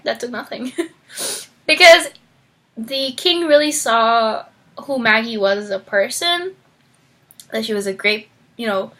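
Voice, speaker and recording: A young woman chatting excitedly about a book she loved. Her voice is bright and a touch high, and she jumps up in pitch whenever she acts out a character's line. She laughs easily and fills pauses with "um" and "like". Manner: frequent fillers and laughter. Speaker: book vlogger. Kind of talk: casual book review.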